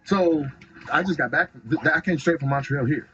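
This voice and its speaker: A man's voice: a little high, moderate pace, dull audio. A young adult man from Tacoma, Washington, a stand-up comedian telling stories in a casual interview, acting out quotes. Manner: animated storytelling, acts out quotes.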